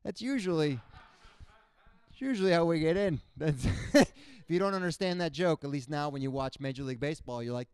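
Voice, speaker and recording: A young man from Cuba works through a stand-up set with a smooth, clear voice held close to the mic in a dry sound. His everyday pitch sits a little high, and he keeps breaking into animated, squeaky character voices. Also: normal speed, dry recording. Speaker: stand-up comedian. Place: comedy stage before a live audience.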